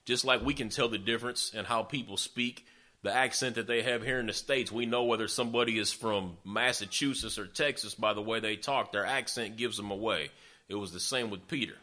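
Forceful, low-voiced preacher telling a story. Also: male voice, a little fast. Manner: folksy, conversational retelling with sarcastic asides. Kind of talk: sermon storytelling.

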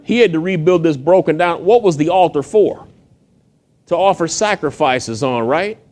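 Lively man preaching a sermon. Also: on the high side, normal speed. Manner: lively storytelling, acting out the scripture's voices. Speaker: pastor.

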